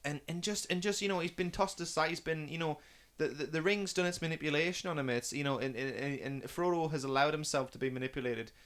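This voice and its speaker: A man's voice: fairly high pitch, quick pace, hardly any pauses, fairly bright tone. A man in a casual podcast chat, talking about a film with rambling, enthusiastic gushing. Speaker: film review podcast guest watching for the first time.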